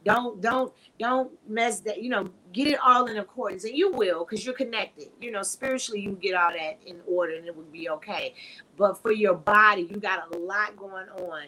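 A woman hosting a casual live podcast, talking frankly and preachily, her voice swinging between loud and soft. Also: mid-range voice, moderate pace, low-quality recording. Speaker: podcast host.

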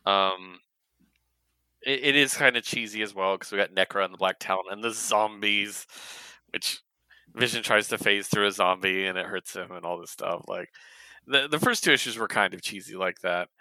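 A man's voice: fairly low pitch, normal speed, sharp tone, no room sound. A man co-hosting a comic book podcast, talking casually with lots of fillers and restarts. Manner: rambling, filler-heavy. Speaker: podcast co-host. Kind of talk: casual chat.

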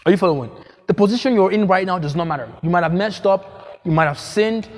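A man's voice: high voice, fast. A man preaching a sermon as pastor, emphatic, repeating phrases and asking the congregation questions.

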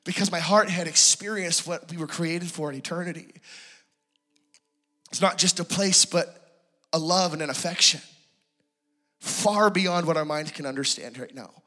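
Male preacher, bright and fairly high, sermon testimony, hushed to impassioned. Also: moderate pace, pauses often, faint music behind. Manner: hushed and tender, rising to impassioned pleading.

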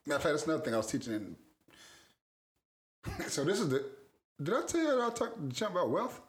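A man's voice: a little high, sing-song, fast talker. A young man co-hosting a casual talk show, telling stories loosely with lots of swearing and frequent laughter. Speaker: podcast co-host. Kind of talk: casual chat.

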